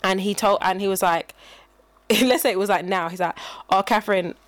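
A woman's voice: medium pitch, moderate pace, dry recording. A young woman chatting casually, telling stories and acting out the people in them with lots of laughter. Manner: laughing storyteller, acts out quoted lines. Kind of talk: casual chat.

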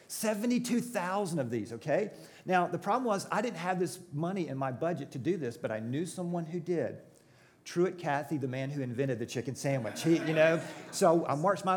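Southern pastor, middle-aged, quick and playful, works the crowd, a touch high-pitched. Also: male voice. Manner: joking, crowd-engaging storytelling. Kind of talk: sermon. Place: church auditorium before a live audience.

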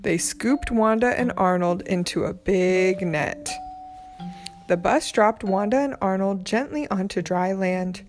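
A woman reading a children's picture book aloud, narrating gently and clearly. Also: medium pitch, measured pace, soft background music. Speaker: storybook reader.

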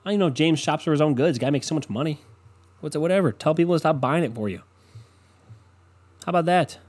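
A man's voice: on the high side, darkish tone, slightly rough. A man talking in a casual, exasperated rant, sarcastic and mocking.

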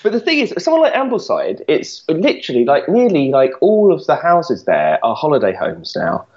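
A man's voice: a little high, huge pitch swings, normal speed, darkish tone, highs cut off. A man co-hosting a podcast in casual chat, teasing and joking. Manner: teasing, jokey. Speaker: podcast co-host.

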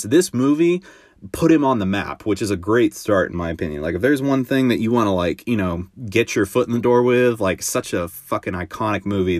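A man's voice: on the low side, no room sound, clean studio sound. A man hosting his own podcast, talking casually and rambling with lots of fillers and offhand swearing. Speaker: podcast host. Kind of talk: casual solo podcast monologue.

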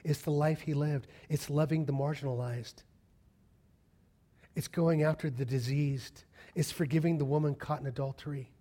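A middle-aged pastor with a fairly high voice preaches a sermon at a moderate pace. He tells stories animatedly, acting out the voices of the people in them.

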